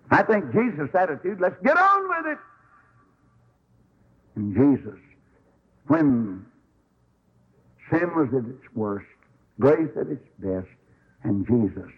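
Man, Baptist preacher, sermon, folksy storytelling, lively swooping pitch, dull lo-fi radio sound. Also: husky. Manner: folksy, animated storytelling with sudden high swoops.

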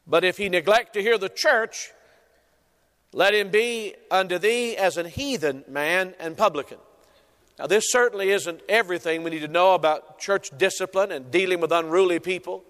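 A man's voice: high-pitched, normal speed, a bit bright. A man preaching a sermon as pastor, emphatic, repeating key phrases and stretching out stressed words. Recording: long hall reverb.

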